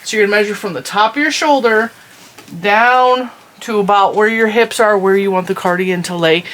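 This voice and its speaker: A woman's voice: mid-range voice, normal speed, a bit bright, slight background noise. A woman hosting her own crochet tutorial channel, chatty and giggly, often stopping to correct herself as she explains.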